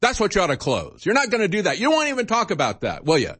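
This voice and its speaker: An older male talk host rants with combative indignation, his pitch swinging widely as he hammers his points. The sound is dry and close, with no room around it. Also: huge pitch swings, quick pace, fairly bright tone, breathy edge, dry recording. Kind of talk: political talk monologue.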